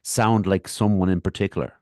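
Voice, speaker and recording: A man hosts a casual podcast interview, working through his questions in a rambling, hesitant way. His voice is fairly low. The sound is dry and close. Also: fairly even intonation, brisk, darkish tone, dry recording. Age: 30s or older. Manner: rambling, hesitant, many restarts. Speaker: podcast host.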